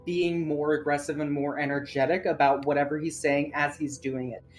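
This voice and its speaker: A woman's voice: low-pitched, steady tone, normal speed, faint music behind. A woman playing a tabletop game, chatting as she describes her character's gestures. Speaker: player. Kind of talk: casual tabletop game chat.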